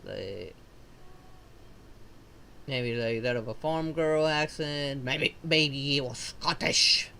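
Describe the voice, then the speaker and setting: A woman voicing a perky young foxian livestreamer in a video game, talking in a chirpy, bubbly way with playful squeals, at a slow, unhurried pace. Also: extremely low pitch, gravelly, bright, forceful tone, slight background noise, full character voice.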